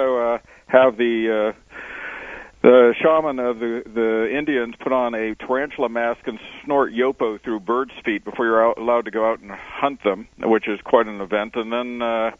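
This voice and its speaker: A male explorer and author, a guest on a radio interview, telling adventure stories in a relaxed way with many "uh" fillers, heard over a phone line. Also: medium pitch, moderate pace, dry recording. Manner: relaxed storyteller with frequent uh fillers. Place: on location, not in studio. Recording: dry tinny phone line.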